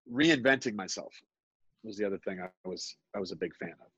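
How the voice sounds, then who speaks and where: Man, middle-aged, live storyteller, halting, self-deprecating, dry close recording. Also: fairly low pitch, fairly bright tone, breathy edge, no echo, highs cut off. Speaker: guest storyteller.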